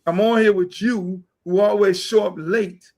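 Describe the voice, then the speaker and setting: A middle-aged man hosting a podcast, ranting loudly and boastfully, with a lot of profanity. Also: high-pitched, steady tone, a little slow. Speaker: podcast host. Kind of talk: heated casual talk.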